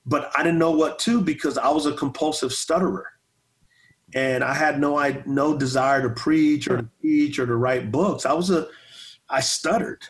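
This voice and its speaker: A man's voice: on the high side, moderate pace. A man in his forties, a pastor and former football player, telling stories in a casual interview with energy, repeating words and stuttering a little. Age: 40s.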